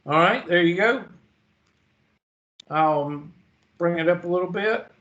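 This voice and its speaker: A man with a high, slightly bright voice teaches a math lesson, drowsy and yawning, in a recording with the highs cut off. He walks slowly and methodically through a calculator lecture, reading each number and step digit by digit.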